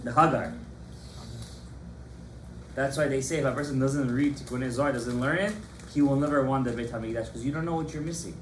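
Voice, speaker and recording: A man, a rabbi, giving a lively Torah class to students in a study hall, animated and impassioned, calling on his students by name. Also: mid-range voice, fairly quick, pauses often, a little hiss or hum.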